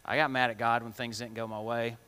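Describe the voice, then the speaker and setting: Speaking briskly, this kids' church teacher has a medium-pitched, sharp, clear, resonant voice with little pitch movement. His chatty Bible lesson uses simple slang and lots of questions to the children, echoing with a big hall's long reverb.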